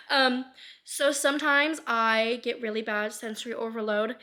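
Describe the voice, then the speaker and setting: A woman in her twenties talking candidly in a personal vlog, rambling with lots of fillers, casual swearing and speed that shifts between fast and slow. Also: a little high, pushed and bright. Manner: rambling with many fillers and frequent laughs. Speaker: vlogger.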